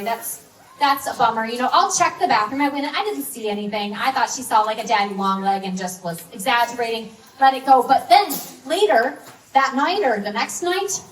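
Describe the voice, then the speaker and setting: A woman's voice: sits high, slight background noise. A woman in her thirties giving a chatty, story-driven sermon with lots of fillers. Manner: conversational, storytelling, many fillers. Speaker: speaker. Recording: echoey hall, mic from a distance.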